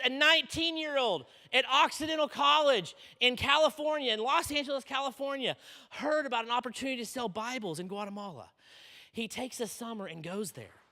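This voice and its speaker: High bright energetic male preacher. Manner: energetic, storytelling, often asks okay. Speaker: conference speaker. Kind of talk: sermon. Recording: long reverb in a large hall.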